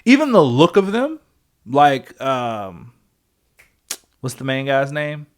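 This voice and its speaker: A man co-hosting a podcast in loose, casual chat. His pitch jumps around as he talks, and he swears now and then while he works out his thoughts aloud. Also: slow. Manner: animated, swearing, thinks aloud. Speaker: podcast co-host.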